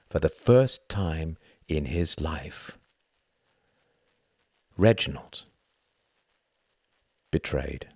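A man reading a novel aloud as narrator, in a measured, dramatic storytelling manner. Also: sits low, darkish tone, husky, no room sound, studio quality. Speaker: audiobook narrator. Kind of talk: scripted narration.

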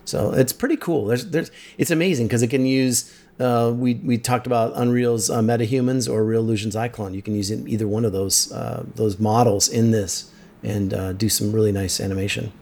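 A man's voice: mid-range voice, steady tone, fairly quick, warm tone. A man co-hosting a tech podcast, enthusiastically recommending tools and films. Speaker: podcast co-host. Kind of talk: casual tech podcast chat.

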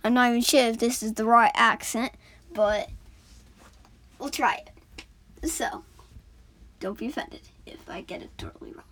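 Woman telling a made-up story, fairly high voice, rambling, lots of fillers. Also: steady tone, normal speed, long pauses, fairly bright tone. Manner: rambling, many fillers and restarts. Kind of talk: improvised storytelling.

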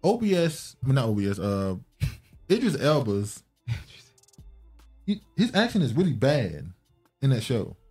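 A man hosting a casual podcast chat. He laughs often and his voice jumps up when he gets excited. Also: mid-range voice, measured pace, long pauses, slightly rough, soft background music. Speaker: podcast host.

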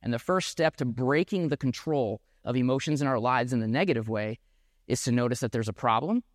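Male pastor, mid-pitched voice, earnest reflective sermon delivery, dry sound with no room echo. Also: fairly quick. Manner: earnest, reflective preaching with occasional restarts.

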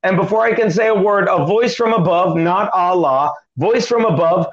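A middle-aged male comedian telling a long story in an interview, with animated, quick joking delivery and acted-out quotes. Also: high voice. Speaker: comedian guest. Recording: dull lo-fi sound.

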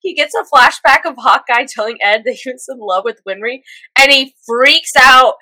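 A woman co-hosting a casual recap chat, animated and quick, a little stuffy from a cold, quoting characters' lines as she goes. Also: high voice, no echo, poor audio. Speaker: podcast co-host recapping an anime episode.

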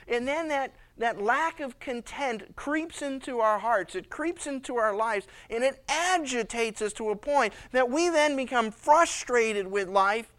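A man preaching a sermon as a pastor, telling Bible stories lively and acting out the characters, often repeating and restarting his words. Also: extremely high pitch, unhurried, few pauses, clear, resonant tone.

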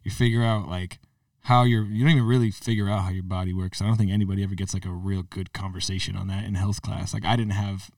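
Man, quick podcast banter, crude jokes, distant dry mic. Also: deep voice, level tone, darkish tone, no echo. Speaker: podcast co-host. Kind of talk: casual chat.

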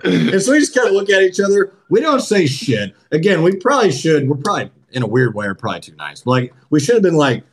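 A man's voice: fairly high pitch, quick pace, hardly any pauses, slight background noise. A man co-hosting a podcast, telling a long story in casual chat and swearing often. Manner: profane, animated storyteller. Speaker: podcast co-host.

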